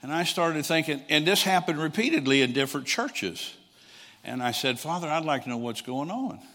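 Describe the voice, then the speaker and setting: A man's voice: a little high, expressive, normal speed, pushed and bright. A man in his sixties preaching a storytelling sermon, acting out the people he quotes and chuckling often. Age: 60s. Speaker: traveling preacher. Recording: long hall reverb.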